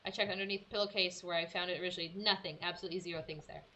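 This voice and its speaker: A young woman streamer telling a story in casual chat, animated and acting out her own quotes. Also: fairly low pitch, very fast, lo-fi sound, a little hiss or hum.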